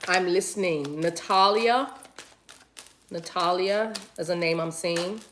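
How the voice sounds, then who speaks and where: A woman's voice: lowish voice, takes it slowly, fairly bright tone, a little hiss or hum. A woman giving a casual livestream tarot reading, chatty and playful, laughing easily. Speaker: tarot reader.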